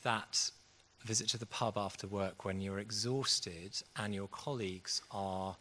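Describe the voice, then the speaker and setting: A man's voice: on the low side, fairly even intonation, unhurried, pushed and bright. A man preaching a sermon in an earnest, conversational way. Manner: conversational, earnest, acts out quotes. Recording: long hall reverb.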